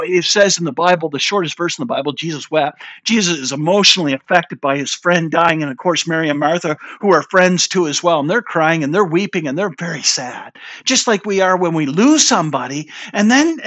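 A woman preaching a sermon, retelling a Bible story in an animated way and acting out the quoted lines. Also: mid-range voice.

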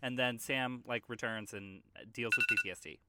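A man co-hosting a podcast in casual chat, with sardonic, quick-witted banter. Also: medium pitch, steady tone, heavy background noise. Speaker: podcast co-host.

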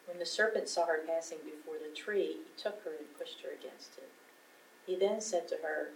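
Gravelly bright-voiced guy reading a passage, echoey, kinda far from the mic. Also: a little high, normal speed. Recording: echoey room, far from mic, faint noise.

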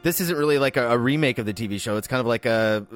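A man's voice: medium pitch, fast, faint music behind. A man co-hosting a casual movie podcast, rambling with lots of filler words and restarts. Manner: rambling, hesitant, many fillers. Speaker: podcast co-host. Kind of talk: casual movie-discussion banter.

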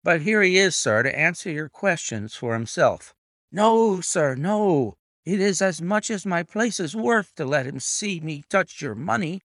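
A man's voice: on the high side, animated, measured pace, a bit bright, dry recording, studio quality, voice pushed up. A man voicing a nervous, deferential young stable groom in a read-aloud detective story. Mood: eager.

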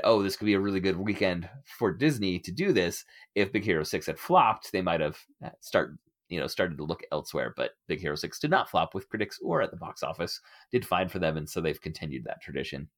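Animated man hosting a podcast. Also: deep voice, fairly quick. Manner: animated, laughs often, acts out quoted voices. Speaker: podcast host. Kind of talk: casual podcast discussion.

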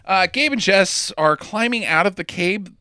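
A man's voice: sits high, normal speed, sharp tone, clear, resonant tone, no room sound, clean studio sound. A man co-hosting a casual movie-recap podcast, joking and sarcastic, with frequent swearing. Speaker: podcast co-host.

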